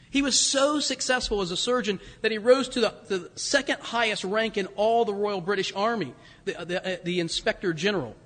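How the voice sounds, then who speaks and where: A middle-aged man preaching a sermon, conversational and animated, with asides and fillers. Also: high-pitched, long reverb tail. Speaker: pastor.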